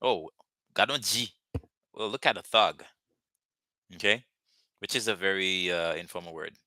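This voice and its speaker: A man's voice: low-pitched, normal speed, pushed and bright, no echo, clean studio sound. A man teaching a live language lesson, patiently repeating words and phrases for his students.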